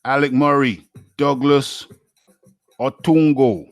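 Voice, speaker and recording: A man from the UK hosts a casual live boxing talk stream and reads out viewer names in a relaxed way. His voice is smooth and resonant at a middle pitch. The sound is close and dry. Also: a little slow, dry recording.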